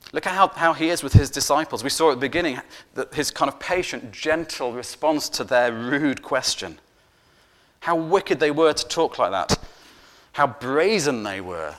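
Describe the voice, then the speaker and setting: A man preaching a sermon, earnest and emphatic, repeating words for stress and dropping to a hushed voice at the ends of phrases. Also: medium pitch. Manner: swings from loud emphasis to soft, hushed endings.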